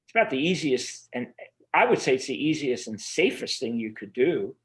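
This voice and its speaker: An earnest man speaking as the guest of a remote interview, his voice sitting at a middling pitch. He rambles, circles back and restarts his thoughts with plenty of fillers. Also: big pitch swings, moderate pace, a bit bright. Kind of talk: casual interview conversation.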